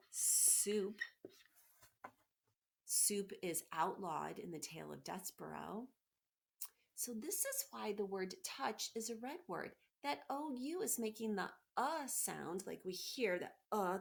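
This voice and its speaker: A woman teacher giving a remote phonics lesson to children, patient and encouraging, slowly sounding out letters. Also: medium pitch, vocal fry, breathy edge. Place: home, by a window.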